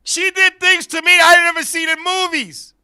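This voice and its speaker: A man telling a crude comic story, animated and profane, jumping between loud bursts and quiet asides. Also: extremely high pitch, normal speed. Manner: profane, repeatedly addresses a listener by name.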